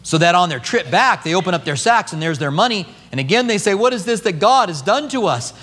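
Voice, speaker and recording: A man pastor delivering a sermon to his church, animated and conversational, slipping into voices to act out biblical figures. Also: high voice, fairly quick. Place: church sanctuary. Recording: long hall reverb.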